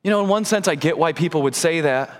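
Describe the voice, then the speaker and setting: High-voiced pastor guy giving a sermon, earnest, big church reverb. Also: fast. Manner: earnest, swings between high urgent and low soft delivery. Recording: long hall reverb.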